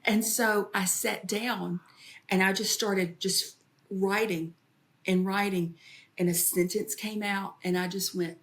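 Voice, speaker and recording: In an interview conversation, this Southern American comedian and author spins stories and puts on voices, becoming animated whenever she quotes relatives. Her mid-range voice moves slowly.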